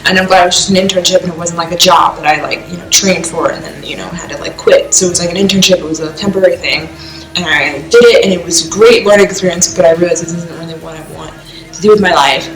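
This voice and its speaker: A woman's voice: lowish voice, fairly even intonation, quick pace, faint music behind. A young woman from the US East Coast rambling through an emotional reaction vlog, filling her talk with "like". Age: young adult. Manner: rambling, heavy use of "like", emotional. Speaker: vlogger reacting to music. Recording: echoey room.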